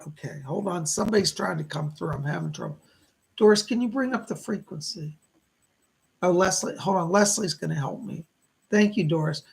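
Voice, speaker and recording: A man's voice: sits high, moderate pace. A middle-aged man doing a live psychic reading, who passes on spirit messages as quotes and keeps repeating "he said". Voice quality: gravelly. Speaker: psychic medium.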